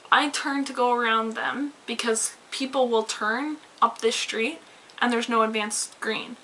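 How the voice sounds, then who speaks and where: Bright-voiced woman ranting to camera. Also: a little high, a little hiss or hum, low-quality recording. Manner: animated, swearing, rambling with many "like"s. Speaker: vlogger. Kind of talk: casual storytime rant to camera.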